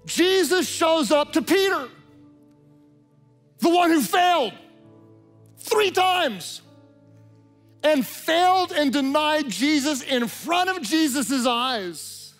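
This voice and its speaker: A pastor delivers a sermon in a high-pitched voice. He rises to loud, emphatic declarations, then drops low and hushed. Quiet music plays faintly beneath him. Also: lively intonation, slow pace, pauses often. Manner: swings between loud emphatic declarations and hushed intimate tones.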